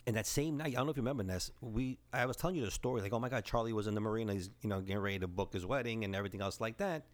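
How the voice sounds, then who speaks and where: A man in his forties from the Bronx with a New York accent, excitedly telling stories in casual chat. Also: on the low side. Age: 40s. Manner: excitable storyteller, says bro and man, mild swearing. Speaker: podcast co-host.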